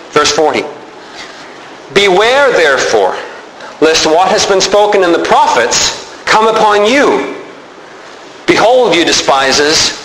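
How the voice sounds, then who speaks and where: Animated male preacher in an echoey hall. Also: on the high side, a little hiss or hum. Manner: animated preaching, rising emphasis. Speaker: pastor. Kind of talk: sermon.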